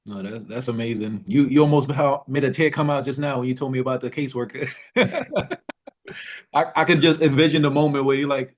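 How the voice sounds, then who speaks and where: A man hosting a podcast, chatting casually and encouraging his guest. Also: mid-range voice. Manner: encouraging, quick reactions. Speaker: podcast host. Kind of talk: casual interview chat.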